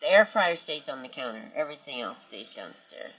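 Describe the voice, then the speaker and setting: A woman's voice: rumbling low, very animated, a little fast, a bit bright, breathy edge, dull audio. A woman hosting a parrot channel, chatting casually at home with her birds and reading viewer comments.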